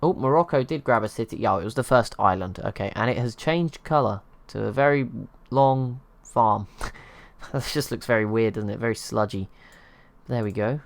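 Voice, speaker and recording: A man's voice: mid-range voice, normal speed, dry recording. Rambling man narrating strategy gameplay. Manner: rambling, self-deprecating, chuckles at himself. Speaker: gaming channel host. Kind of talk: casual gameplay commentary.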